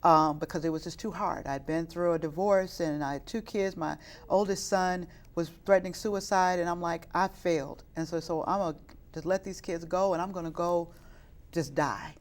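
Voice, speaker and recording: A woman's voice: fairly low pitch, fairly even intonation, normal speed. A middle-aged woman from Chicago who works as a youth minister, telling her life story in an interview and rising into fervent, preaching-style passages. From west side of Chicago. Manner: earnest, rises into fervent preaching. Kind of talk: interview testimony.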